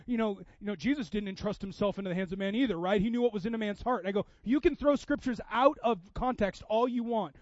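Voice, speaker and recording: A man in his thirties from Seattle, preaching a conversational sermon as a pastor, with frequent restarts and swings between loud emphasis and hushed asides. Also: very high voice, no room sound, lo-fi sound.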